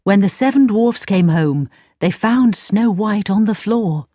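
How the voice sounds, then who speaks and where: A woman narrating a storybook in a slow, clear, expressive reading. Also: mid-range voice, dry recording, clean studio sound. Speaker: audiobook narrator.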